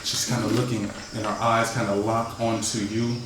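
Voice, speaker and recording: A man narrating a tabletop role-playing session as game master, feeling his way through descriptions with fillers and restarts. He sits away from the mic in a very echoey room, with steady noise behind him. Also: fairly low pitch, far from the mic. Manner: halting, many fillers and restarts.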